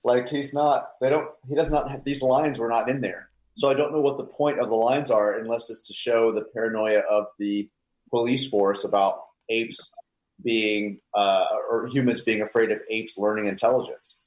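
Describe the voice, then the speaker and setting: A man's voice: medium pitch, steady tone, moderate pace, reverberant. A man co-hosting a casual movie podcast over a video call, rambling and repeating words as he thinks. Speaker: podcast co-host. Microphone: home mic on a video call.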